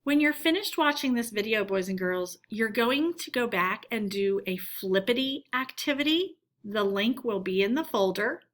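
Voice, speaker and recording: A woman teacher giving a recorded phonics lesson for children, reading words aloud slowly and deliberately for them to repeat. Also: a little high, lively intonation, a bit bright.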